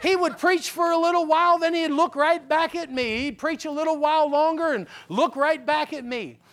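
Folksy high-voiced man preaching his testimony. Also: moderate pace. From Pennsylvania. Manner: animated storyteller, swings from loud punchlines to low grave tones; folksy, talks straight to the audience with "okay?". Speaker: guest speaker giving a testimony. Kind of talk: testimony sermon, storytelling.

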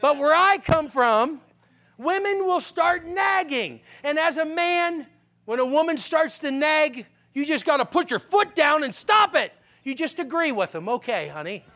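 A man from Pennsylvania telling his testimony in a sermon, folksy and animated, checking in with "okay?" and swinging from loud punchlines to low, grave lines. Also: measured pace. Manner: folksy, talks straight to the audience with "okay?". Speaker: guest speaker giving a testimony.

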